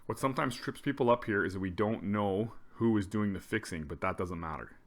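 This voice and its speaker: Deep-voiced man teaching a grammar lesson. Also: brisk. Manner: relaxed, explanatory, with frequent restarts and fillers.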